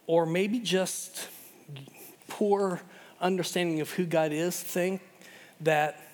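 A middle-aged man preaching a sermon in an animated way, often repeating words and restarting. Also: on the high side. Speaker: pastor. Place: church hall. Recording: long hall reverb.

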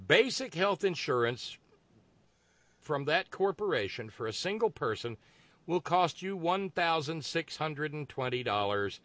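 Male talk host, animated delivery, dry asides while reading listener mail; dry booth sound. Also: on the high side, unhurried, no echo. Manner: reads figures aloud with dry asides, some stammering.

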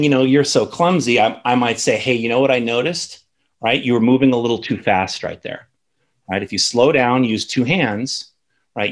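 A man in his thirties gives a spoken lesson at an ordinary, mid-range pitch. He talks conversationally and keeps checking in with the listener by asking "right?" as he teaches. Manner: conversational, tags sentences with "right?". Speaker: instructor.

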